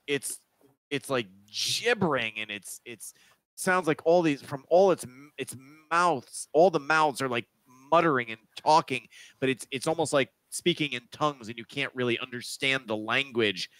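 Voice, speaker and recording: A man running a tabletop game over a video call, narrating in a halting way with many restarts. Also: medium pitch, sharp tone, no echo. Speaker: game master. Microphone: video call mic.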